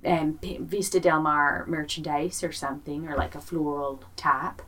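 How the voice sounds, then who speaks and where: Animated woman podcast co-host, a bit off-mic. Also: deep voice, normal speed, recorded from a distance. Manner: animated, swearing, playful. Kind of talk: casual chat.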